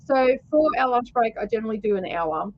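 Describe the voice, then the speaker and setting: A woman's voice: a little high, lively intonation, fairly quick, highs cut off. A woman with an Australian accent hosting a casual livestream, rambling through stories with lots of fillers and laughter. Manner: chatty storyteller, laughs often, many fillers. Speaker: host.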